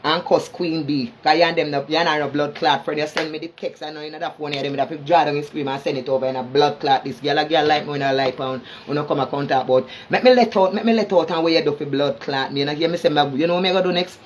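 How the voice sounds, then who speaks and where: A man's voice: on the high side, steady tone, fast talker, hardly any pauses, slight background noise. A man with a Jamaican accent in an angry, confrontational social media rant, cursing constantly and tripping over repeated words. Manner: cursing heavily, stammering repeats; heated, confrontational.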